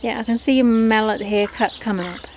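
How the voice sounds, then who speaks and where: A woman's voice: a little high, fairly even intonation, fairly quick, a little hiss or hum. A woman chatting casually to camera about her poultry in a backyard, talking to her birds as she goes. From Australia. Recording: outdoor recording with loud birdsong.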